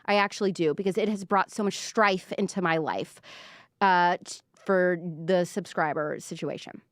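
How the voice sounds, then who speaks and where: A woman's voice: on the low side, moderate pace, no echo, studio quality. A woman, hosting a live pop culture show in a chatty, sarcastic way with lots of fillers. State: out of breath. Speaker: host. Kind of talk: casual pop culture commentary.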